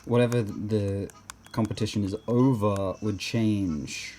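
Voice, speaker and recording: Hesitant man with a mellow voice. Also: fairly low pitch, steady tone, takes it slowly, a little hiss or hum. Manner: rambling, hesitant, many restarts and fillers. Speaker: gameplay commentator. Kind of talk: casual gameplay commentary.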